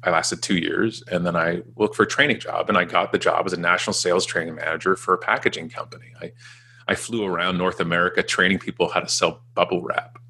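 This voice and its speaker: A man's voice: low voice, steady tone, quick pace, bright, forceful tone, a little hiss or hum. A Canadian man in his forties, a guest telling his work history in a chatty, self-deprecating way and acting out quoted dialogue. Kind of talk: casual storytelling interview.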